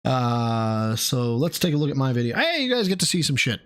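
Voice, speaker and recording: Male reaction streamer, crude, mocking, very animated pitch. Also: normal speed. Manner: crude, mocking, bursts into high laughing squeals. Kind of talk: casual reaction stream commentary.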